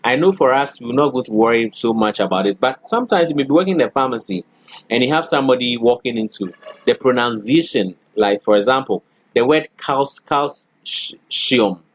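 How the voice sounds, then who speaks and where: A man's voice: mid-range voice, expressive, normal speed, no echo. A middle-aged man lecturing a college class, often checking in with "okay" and "all right" and acting out spoken examples.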